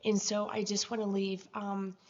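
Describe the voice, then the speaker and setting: A woman telling a personal story in a video journal, emotional and halting, with many fillers and pauses. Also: medium pitch, little pitch movement, darkish tone, highs cut off. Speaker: vlogger.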